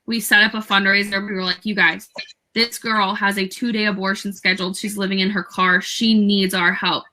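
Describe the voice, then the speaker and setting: Young woman, guest, chatty storytelling, full of fillers, crisp bright tone. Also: medium pitch, moderate pace, rough recording. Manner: animated, many fillers and quoted dialogue. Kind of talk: casual storytelling interview.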